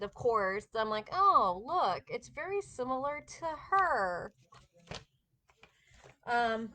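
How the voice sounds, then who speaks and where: A woman's voice: mid-range voice, sharp tone, slight background noise. A woman hosting a live knitting chat, talking casually and enthusiastically with viewers and laughing often. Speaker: knitting shop host.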